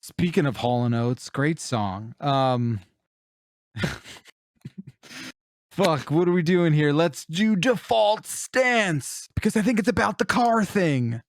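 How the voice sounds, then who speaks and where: A man co-hosting a casual podcast chat, jokey and quick with banter. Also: fairly high pitch, animated, no room sound, studio quality. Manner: jokey, chatty, swears casually. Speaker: co-host.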